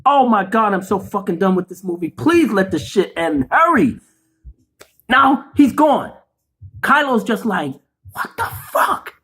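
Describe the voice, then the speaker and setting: A man doing a profane, animated film review rant, cursing freely and acting out the scenes he describes. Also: sits high, unhurried, slightly rough. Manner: animated, swears a lot, acts out scenes. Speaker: movie reviewer.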